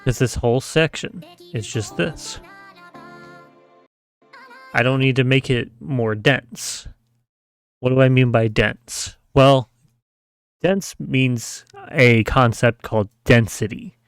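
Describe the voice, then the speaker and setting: A man's voice: mid-range voice, takes it slowly, long pauses, smooth, faint music behind. A man giving a casual screen-share tutorial, explaining step by step, often checking with "right?" and humming the sounds he describes. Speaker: mapping tutor.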